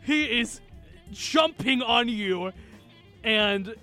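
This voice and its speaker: A man's voice: very high voice, lively intonation, very slow, pushed and bright, faint music behind. A man narrating a tabletop game as game master, laughing often and swearing casually.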